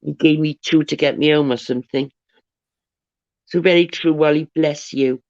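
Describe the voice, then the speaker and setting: A woman's voice: low-pitched, steady tone, normal speed, a little mellow, dry recording. A woman hosts a casual livestream, thanking viewers and wandering off into anecdotes. She rambles and trips over her words, restarting sentences as she goes. Her voice comes through dull and lo-fi, with a dry, close sound. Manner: rambling, chatty, restarts and stumbles. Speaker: livestream host. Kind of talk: casual chat, reading viewer comments aloud.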